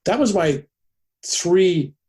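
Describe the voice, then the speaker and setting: A man in his seventies, a podcast guest, telling a personal story in an animated way and acting out the people in it. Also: high-pitched, very slow, slightly rough. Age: 70s.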